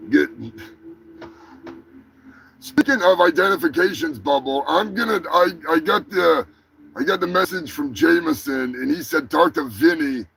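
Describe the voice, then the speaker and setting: A man's voice: a little high, creaky, fairly bright tone, slight background noise, rough recording. A man hosting a comedic live stream, talking in a crude, rambling, profane way. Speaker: host. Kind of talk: crude comedic livestream chat.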